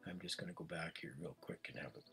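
A man's voice: extremely low pitch, fast talker, creaky, sharp tone, faint music behind. A man with a Canadian accent, calling bids as an auctioneer in a chatty, repetitive way. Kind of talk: live virtual-world auction calling.

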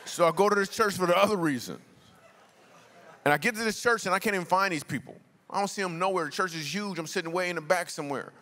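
A man's voice: high-pitched, fast talker, bright, forceful tone. A man, a comedian and guest speaker, telling funny stories to a church congregation in a loose, slangy, conversational way. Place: large church auditorium. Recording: long reverb of a large church hall.

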